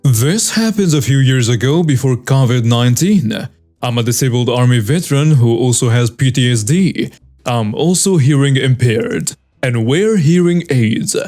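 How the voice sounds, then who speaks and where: A man narrating a first-person story in a steady storytelling manner. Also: mid-range voice. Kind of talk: scripted narration.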